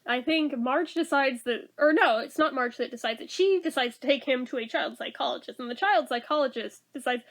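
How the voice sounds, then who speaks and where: A woman's voice: high voice, brisk, few pauses. A woman giving a casual spoken review of a TV episode, chatty and full of laughs, with "like" in almost every sentence. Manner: chatty, laughs often, says "like" a lot.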